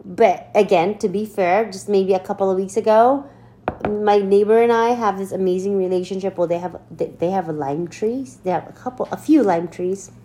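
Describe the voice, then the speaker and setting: A woman of middle pitch co-hosting a casual podcast and telling a story. She gets animated, laughs freely and drops the odd curse word. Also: normal speed, a little hiss or hum. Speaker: podcast co-host.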